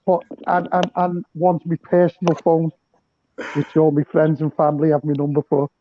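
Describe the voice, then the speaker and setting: High-voiced joking man from Liverpool. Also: completely flat delivery, normal speed, lo-fi sound, slight background noise. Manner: joking storyteller. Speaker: caller. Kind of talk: casual chat.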